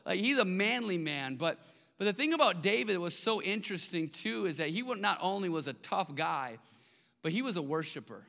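Bright high-voiced man preaching in a hall. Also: expressive, brisk, vocal fry. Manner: conversational, repeats words when emphatic. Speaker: pastor. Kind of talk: sermon. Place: large church hall. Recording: long hall reverb.

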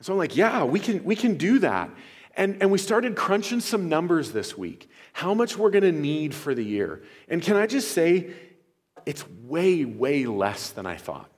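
Man, pastor, sermon, earnest and conversational, slightly high voice, church hall reverb. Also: sing-song, unhurried. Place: church sanctuary.

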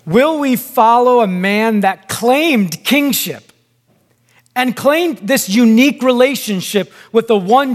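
High-voiced, slow preaching man. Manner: deliberate, emphatic preaching with long pauses. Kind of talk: sermon. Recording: long hall reverb.

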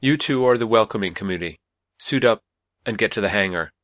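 A man's voice: fairly low pitch, brisk, fairly bright tone, dry recording, studio quality, close to an everyday voice. A man reading an audiobook, voicing a bossy, dismissive male lab director who gives curt orders. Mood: commanding. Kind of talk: audiobook character voice.

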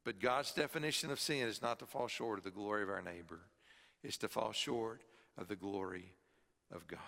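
A man's voice: medium pitch, creaky, pushed and bright, in a large hall. A man preaching a sermon to a congregation in a church, with emphatic stress on key words. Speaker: pastor. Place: church sanctuary, also filmed. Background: congregation present.

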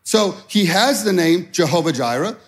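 A man's voice: high-pitched, animated, normal speed. A middle-aged man preaching a sermon as a pastor, in a conversational style that acts out anxious prayers.

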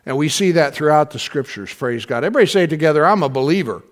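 A male pastor with a high voice delivers a sermon in an easygoing, chatty manner. He drops casual slang and keeps pulling the congregation in with quick questions. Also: lively intonation. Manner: conversational, calls for responses from congregation; folksy slang.

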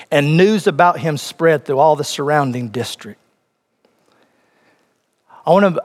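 A man preaching a sermon, reading scripture and speaking directly to the congregation with rising emphasis. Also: on the high side. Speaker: pastor. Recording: long hall reverb.

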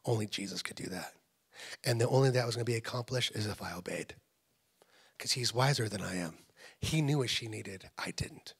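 A middle-aged man preaching a sermon as a pastor, talking in a loose, conversational way as he tells stories, and dropping to a hushed whisper to make a point. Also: lowish voice, a little fast, slightly rough. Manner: conversational storytelling, drops to a hushed whisper for emphasis. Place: church.

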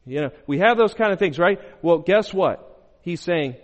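Male pastor, sermon delivery, emphatic loud bursts and quiet low lines, slightly high voice, long church reverb. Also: lively intonation, normal speed. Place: church sanctuary.

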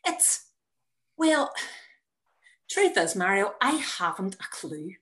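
A woman reading her own personal story aloud in a measured, wry manner. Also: mid-range voice, very animated, a bit bright. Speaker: narrator.

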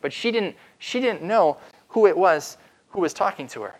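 A man preaching as pastor, retelling a story with dramatic pauses and slowing down for emphasis. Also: sits high, animated. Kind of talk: sermon.

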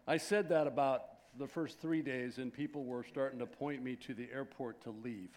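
A man's voice: medium pitch, steady tone, normal speed, a little mellow. A man in his sixties, a pastor who prays and then greets his church in a chatty, rambling way full of fillers and restarts. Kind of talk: sermon with prayer and casual church greeting. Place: church sanctuary.

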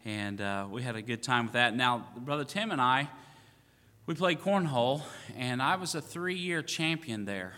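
A pastor man spins a playful, self-mocking story from the pulpit. His voice is bright and forceful, with a long echo trailing through the church hall. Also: mid-range voice, expressive, moderate pace. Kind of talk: sermon. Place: church sanctuary.

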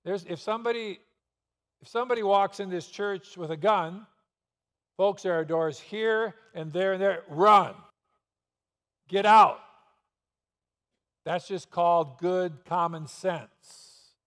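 A man's voice: high voice, unhurried. A man pastor preaching a sermon in a church, asking rhetorical questions and pressing points with sudden emphasis. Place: church sanctuary. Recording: long reverb of a church hall.

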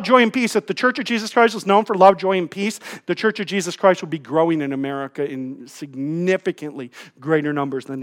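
A pastor delivering a laid-back, funny sermon from the church stage, his voice sitting high for a man. He is middle-aged, talks into a stage mic, and keeps breaking into self-mocking asides. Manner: humorous, self-deprecating, animated asides. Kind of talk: conversational sermon. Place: church sanctuary.

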